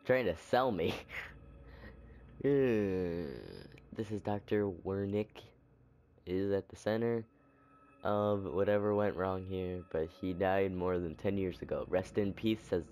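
A man's voice: deep voice, fairly even intonation, takes it slowly, dark tone, clear, resonant tone, muffled recording. A man giving casual let's-play commentary with jokey, crude, sarcastic asides. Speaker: gameplay commentator.

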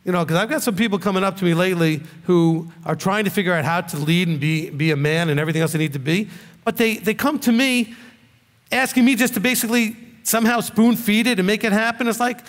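This is a blunt, scolding sermon from a male rabbi whose voice sits high, packed with rhetorical questions and delivered fast. A long hall reverb trails each phrase.

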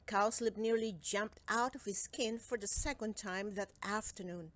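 A woman reading a children's storybook aloud in a slow, expressive narration, with faint music behind. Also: medium pitch, dry recording. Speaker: storybook reader.

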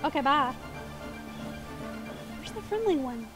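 Southern woman streamer, high bright voice, giggly, chatty, stumbles over words now and then. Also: sing-song, slow, music in the background. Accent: Southern US, Tennessee area. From southeastern United States. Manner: giggly, occasionally stutters and trips over words. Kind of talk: casual gaming stream chat. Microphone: desk microphone.

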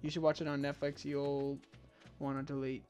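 A man streaming a farming game and chatting casually with a friend, excitable and quick to exclaim, sounding tired. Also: mid-range voice. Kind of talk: casual gaming chat.

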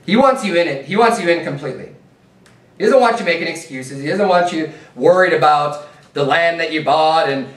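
A man preaching in a church, his slightly high voice carrying through a roomy, echoing space. He sounds set back from the microphone, earnest and plain-spoken as he moves between scripture readings and direct appeals. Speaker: pastor. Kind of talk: sermon. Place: church sanctuary. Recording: echoey room, mic at a distance.

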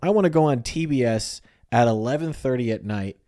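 A man's voice: mid-range voice, a little fast, no room sound, clean studio sound. A man co-hosting a podcast in casual chat, telling stories and joking around. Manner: joking, animated storytelling. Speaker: podcast co-host.

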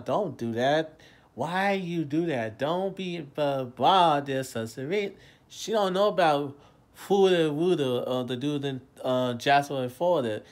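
A man in his late twenties rambling in a casual monologue, repeating himself, his voice swinging between loud bursts and low mumbles. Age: late 20s. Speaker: vlogger.

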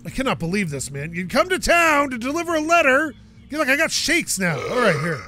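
A man giving casual gameplay commentary as a let's play host, excitable, swearing and yelling at the other drivers in the game. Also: extremely high pitch, a little fast. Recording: game engine noise under voice.

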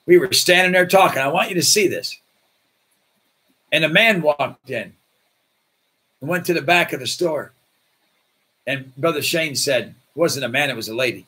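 A man's voice: a little high, normal speed, pauses often, slightly rough. A man preaching as pastor, telling stories and acting out the voices of people in them. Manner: animated, acts out voices in his stories. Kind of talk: sermon with storytelling.

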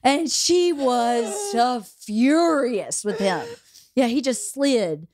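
A woman's voice: a little high, animated, extremely slow, a little mellow, slight background noise. A woman hosting a podcast, telling a personal story in a candid, chatty way. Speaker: podcast host. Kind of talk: casual anecdote telling.

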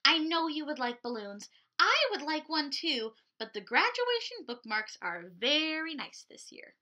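Storybook role: woman playing a strict porcupine teacher, firm and measured, bright tone. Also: sits high, big pitch swings, voice pushed up, exaggerated voice. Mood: stern. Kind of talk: children's storybook reading.

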